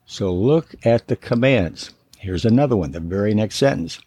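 Low mellow guy preaching on counseling, earnest, hammers key words, dry sound. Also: expressive, normal speed, husky, no echo. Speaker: biblical counselor teaching. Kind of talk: teaching sermon.

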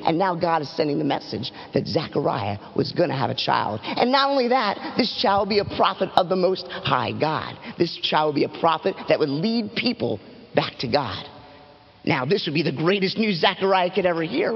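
A man with a high, lively voice tells a Bible story to children as a pastor, swooping between excited peaks and hushed low lines. The sound is dull and carries a long reverb from a church hall. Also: gravelly, husky. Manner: dramatic, animated storytelling with big pitch swings. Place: church platform.

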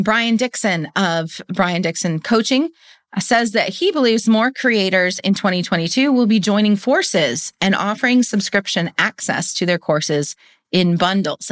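A woman's voice: mid-range voice, a bit bright, no room sound, studio quality. A middle-aged woman hosting a business podcast, speaking earnestly and encouragingly about community and faith. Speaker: podcast host. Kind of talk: podcast monologue and outro.

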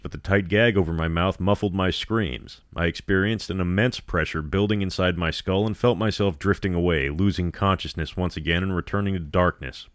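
Deep-voiced man narrating horror. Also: dry recording, clean studio sound. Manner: steady, measured storytelling.

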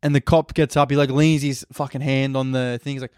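A man's voice: mid-range voice, flat delivery, fairly quick, hardly any pauses, darkish tone, clear, resonant tone, no echo, clean studio sound. A man with an Australian accent, a stand-up comedian rambling crudely through a casual solo podcast. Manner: crude, rambling, heavy swearing.

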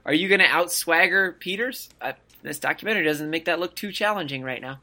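A man's voice: fairly high pitch, fast talker. A man co-hosting a podcast, chatting casually about college football and mimicking players as he talks. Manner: animated, mimics players with voices. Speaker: podcast co-host. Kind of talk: casual sports chat.

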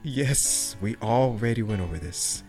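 A man's voice: on the low side, expressive, measured pace, a little mellow, faint music behind. A man directing an improv comedy scene, upbeat and coaxing.

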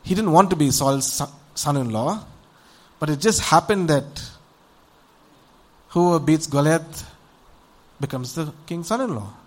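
A man's voice: a little high, unhurried, long pauses. A man preaching a sermon, retelling a Bible story in a conversational way and often asking his listeners questions. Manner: conversational, rhetorical questions to the audience; animated storytelling with acted voices.

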